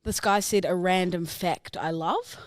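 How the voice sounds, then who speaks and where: A woman's voice: lowish voice, measured pace, no echo, studio quality. A woman co-hosting a podcast, telling stories in casual chat with lots of giggling and swearing. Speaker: podcast co-host.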